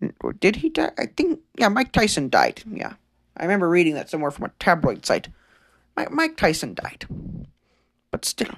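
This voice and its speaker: A man's voice: high-pitched, wildly swooping pitch, normal speed, fairly bright tone, dry recording. A man hosting a comedic conspiracy podcast, rambling and stammering in a mock-serious way. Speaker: podcast host.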